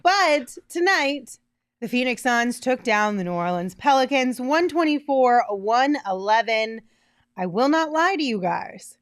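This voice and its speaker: A woman hosting a casual sports podcast, upbeat and quick to laugh. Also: fairly high pitch, lively intonation, no echo, clean studio sound. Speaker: podcast host.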